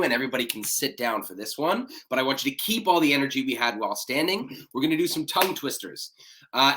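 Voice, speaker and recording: A man leading a public speaking warm-up workshop, coaching breathing and voice exercises with an energetic manner and a slightly cracking voice. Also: medium pitch. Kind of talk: live-streamed warm-up workshop.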